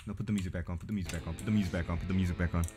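A man's voice: deep voice, steady tone, very fast. A young man streaming a horror game, giving a profane, jumpy, joking running commentary. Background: game music.

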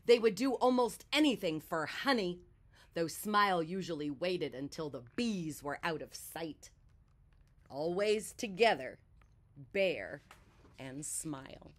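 A woman reading a picture book to children, taking her time over every line. Her voice is lively and swings widely in pitch, and now and then she drops to a soft whisper. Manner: animated, slow and expressive, drops to soft whispers. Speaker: children's story reader. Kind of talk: read-aloud storytelling for children.

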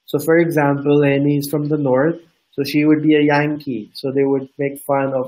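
A man's voice: a little high, flat delivery, normal speed, few pauses, a little mellow, low-quality recording. Earnest Pakistani man giving advice. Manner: earnest, repetitive, direct. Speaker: co-host. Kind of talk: casual advice talk.

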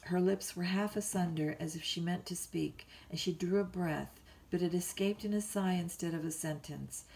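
Low, gravelly-voiced woman storyteller. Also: normal speed, hardly any pauses, a little mellow, low-quality recording. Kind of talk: bedtime story reading.

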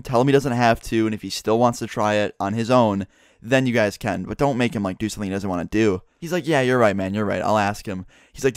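Fast-talking young man telling a story. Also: medium pitch, dry recording, studio quality. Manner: animated retelling, acts out friends' lines, heavy swearing. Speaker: vlogger. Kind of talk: casual storytime vlog.

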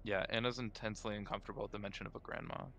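A man at a tabletop game who fires off quick, offhand remarks about his character. He talks fast, in a bright voice pitched a little low. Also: creaky, lo-fi sound, a little hiss or hum. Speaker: player.

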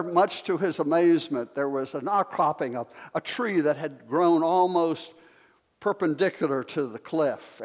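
A male pastor delivers a sermon in a slow, storytelling way, pausing to put questions to his congregation. His voice sits a little high for a man. The sanctuary adds a long, lingering reverb. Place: church sanctuary.

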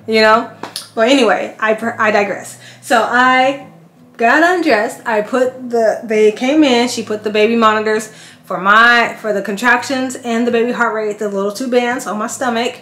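A woman in her thirties, a family vlogger, telling a personal story casually to camera and acting out what people said. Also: moderate pace. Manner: animated, acts out quotes with big pitch jumps. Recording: echoey room with faint music.

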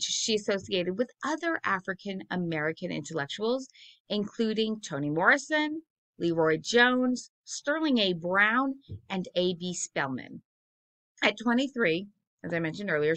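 A woman's voice: mid-range voice, sharp tone. A woman teaching a college literature class in a recorded video lecture, chatty and self-correcting, asking her students questions and tapping out rhythms with her voice. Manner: taps out rhythms by voice.

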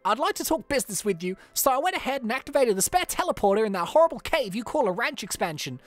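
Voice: mid-range voice, very animated, fast talker, faint music behind, pitched above the performer's own voice, natural voice. A gamer putting on a sassy rich lady with an Australian accent. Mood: haughty. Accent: put-on Australian. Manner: haughty, impatient. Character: sassy wealthy young woman rancher. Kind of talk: reading game dialogue aloud.

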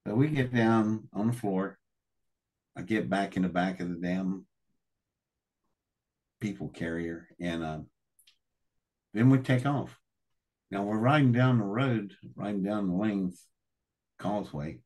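Deep husky older man telling a story. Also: measured pace, pauses often. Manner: animated, acts out quoted dialogue, swears. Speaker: interview guest. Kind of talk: emotional first-person storytelling.

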